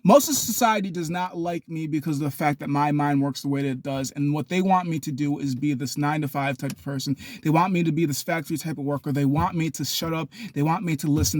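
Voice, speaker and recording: A young man talking in a rambling, animated vlog monologue, now and then acting out other people with sudden loud high yells. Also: no room sound, studio quality. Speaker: vlogger.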